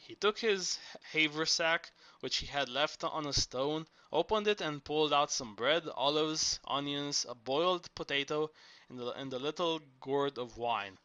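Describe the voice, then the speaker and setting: A man reading novel narration aloud, steady with small restarts. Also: a little high, measured pace, dry recording, dull audio. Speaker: audiobook reader.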